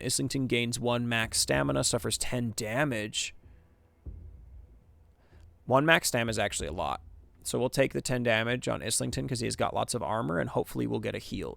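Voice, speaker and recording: Gravelly man casually playing a game. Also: medium pitch, moderate pace. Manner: reads game text aloud, casual and chatty. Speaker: gaming streamer. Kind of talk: casual let's-play commentary.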